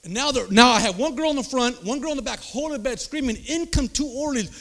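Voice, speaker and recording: A man preaching, telling his own testimony story with animated storytelling and acted-out voices. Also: very high-pitched, quick pace. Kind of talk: sermon testimony.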